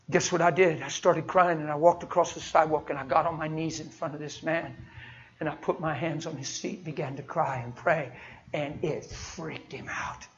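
A man preaching a sermon and telling personal stories, speaking emphatically and swinging from soft, quiet moments to loud, forceful passages. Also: fairly high pitch, highs cut off.

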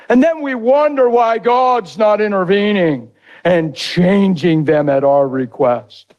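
Man, middle-aged, preacher, emotional storytelling sermon, lively swings in pitch. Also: unhurried. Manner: animated and emotional, voice jumping high when quoting his crying wife.

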